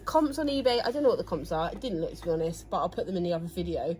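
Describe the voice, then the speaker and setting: A woman's voice: on the low side, very animated, rapid-fire, a little mellow, a little hiss or hum, low-quality recording. A woman chatting casually in a haul video, enthusiastic as she shows her finds indoors at home. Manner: chatty, enthusiastic, showing items. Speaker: reseller vlogger, co-host.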